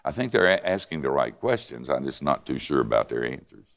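Deep, gravelly older preacher. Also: male voice, fairly quick. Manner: conversational, animated storyteller. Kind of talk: sermon storytelling. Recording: reverberant hall.

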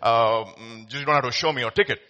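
A man voicing an eager, deferential male ticket collector who talks in a high, excited way. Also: a little fast, highs cut off, lightly acted. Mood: effusive. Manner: effusive, reassuring, high and excited.

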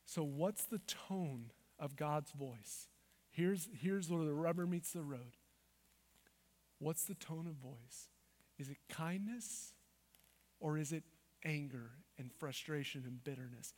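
A high-voiced man preaching a sermon in a large hall with a long, ringing reverb. He moves between quiet, intimate asides and loud, driving declarations. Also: animated, slow pace, pauses often. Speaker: pastor.

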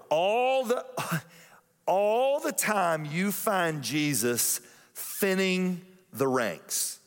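A man's voice: high-pitched, animated, drawn-out words, big-room sound. A male pastor giving a sermon in a church, conversational and joking, often putting questions to the congregation. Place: church auditorium.

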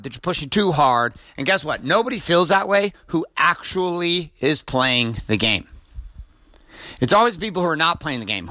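A man's voice: a little high, bright, forceful tone. A middle-aged man hosting a motivational show, ranting bluntly and profanely with lots of driving repetition. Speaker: podcast host and coach. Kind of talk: intense motivational rant.

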